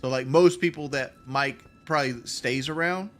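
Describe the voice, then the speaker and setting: A man's voice: medium pitch, normal speed, fairly bright tone. A man from the Southern US with a light Southern accent, rambling and swearing through casual commentary while he plays a game as a streamer. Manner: rambling, profane, full of restarts. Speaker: gaming streamer.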